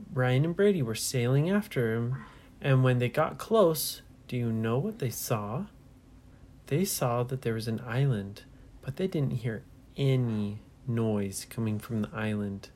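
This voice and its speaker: Slow, low-voiced woman telling a bedtime story. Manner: hushed, slow, asks the listener questions. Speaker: storyteller to children.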